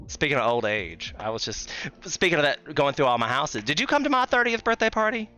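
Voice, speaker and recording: A man in his thirties hosting a casual podcast chat, telling animated stories with swearing. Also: on the high side, brisk, soft background music. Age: 30s. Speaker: podcast host.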